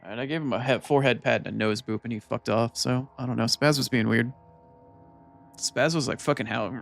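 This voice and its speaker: A man's voice: medium pitch, fairly even intonation, brisk, gravelly, faint music behind. A man streaming a game from his chair at home, chatting casually with viewers in a loose, profane, rambling and playful way. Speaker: gaming streamer.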